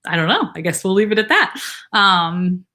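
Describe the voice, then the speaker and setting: A woman's voice: medium pitch, big pitch swings, unhurried, pushed and bright. A young woman hosting a casual livestream Q&A as a nurse practitioner, chatty and rambling with many fillers, reading viewer comments aloud.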